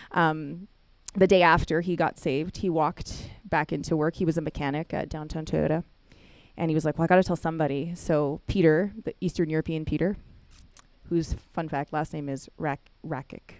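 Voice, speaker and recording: A woman giving a chapel talk, telling a family story with lively storytelling and acted-out quotes. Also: low voice, dry recording. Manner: animated storytelling, acts out quotes, laughs often. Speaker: chapel speaker.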